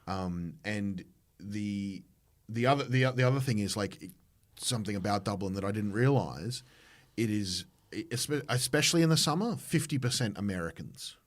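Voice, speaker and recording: A man's voice: fairly low pitch, lively intonation, moderate pace. An Australian man, a comedian hosting a podcast, telling a rambling story in casual chat with lots of restarts. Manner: rambling anecdotes with restarts and mimicked voices.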